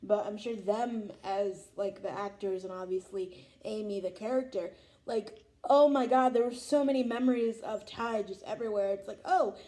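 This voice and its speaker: A woman's voice: mid-range voice, moderate pace, warm tone. A young woman hosting a vlog, chatting about a show as an emotional, gushing fan. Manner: gushing, emotional, lots of "oh my God". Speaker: vlog host. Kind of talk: casual fan reaction chat.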